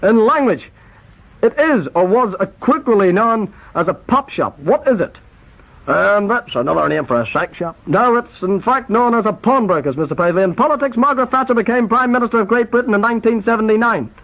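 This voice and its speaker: A man hosting a spoof quiz in a brisk, mock-formal announcing style. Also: extremely high pitch, lively intonation. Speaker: quizmaster. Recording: dull lo-fi tape recording.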